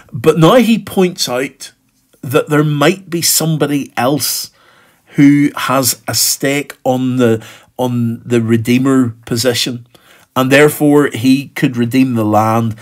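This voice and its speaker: A middle-aged male pastor gives a daily devotional at an even, mid-range pitch. He speaks earnestly and steadily, with the odd "uh" between phrases. Now and then he acts out a voice in the story he is reading. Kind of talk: devotional Bible reflection.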